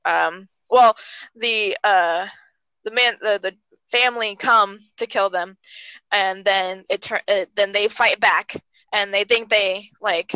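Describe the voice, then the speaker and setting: A young woman chatting casually about a movie, animated and swearing freely, sometimes jumping into high squeaky voices to act out characters. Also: slow pace, clear, resonant tone, dry recording, low-quality recording. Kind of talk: casual chat.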